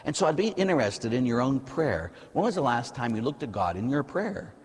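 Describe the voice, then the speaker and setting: A middle-aged American man, a priest giving a lively, conversational sermon in a church. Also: medium pitch, a little fast, slightly rough, long reverb tail. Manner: lively, conversational preaching, asks the audience "huh?".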